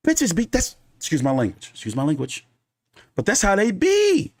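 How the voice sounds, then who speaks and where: A man riffs through a rambling, profane story on his boxing commentary show. His voice sits a bit high and leaps up and down with a lot of energy. His talk is casual and loose. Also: wildly swooping pitch, moderate pace.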